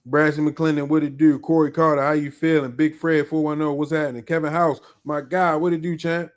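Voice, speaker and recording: A podcast host with a slightly high, level-toned voice runs a live stream, rattling off shout-outs to viewers by name one after another. He stays casual and upbeat, packing his talk with slang.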